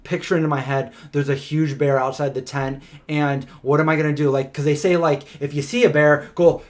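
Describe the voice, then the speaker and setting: Brief: male co-host, slightly higher voice, animated casual storyteller, loose and chatty. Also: brisk. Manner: animated, chatty, many "like" fillers. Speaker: co-host of a live Q&A stream.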